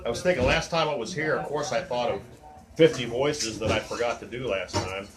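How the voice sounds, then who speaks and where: A man's voice: medium pitch, a little fast, roomy sound, far from the mic. A man at an open mic, singing and bantering in a rambling, self-deprecating way. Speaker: open mic singer and impressionist. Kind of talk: casual stage banter and singing. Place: coffee shop, indoors. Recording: live music in a coffee shop. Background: guitar music.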